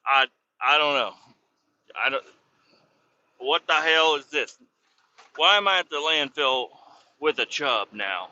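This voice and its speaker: A man with a slightly high, very sharp and forceful voice tells a rambling story from his truck cab on a snowy road. He swears constantly and sounds irritated. The recording is dull and lo-fi. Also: animated, takes it slowly, long pauses. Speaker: truck driver vlogging. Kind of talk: profane casual storytelling while driving.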